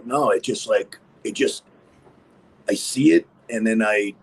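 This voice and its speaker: A man's voice: fairly low pitch, unhurried, vocal fry, slightly rough, rough recording. A man speaking as a podcast guest, rambling casually with many fillers. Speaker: guest impersonator. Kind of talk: casual interview chat.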